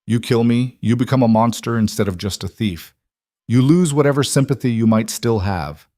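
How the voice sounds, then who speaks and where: A brave young woman in an audiobook thriller, quiet and firm, as a male narrator puts her on. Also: medium pitch, moderate pace, no echo, clean studio sound, natural voice. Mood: resolute.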